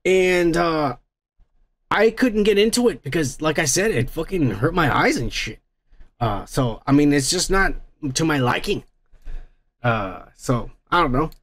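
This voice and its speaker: A man's voice: fairly high pitch, lively intonation, measured pace, fairly bright tone. A man hosting a podcast, reading viewer comments aloud in casual, rambling, profane chat. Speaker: podcast host.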